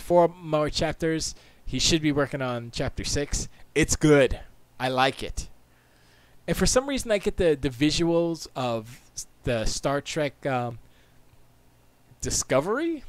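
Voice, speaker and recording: A man's voice: mid-range voice, smooth, no echo. Tired, rambling male livestream host. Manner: rambling, chatty, laughs often. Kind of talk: casual livestream chat.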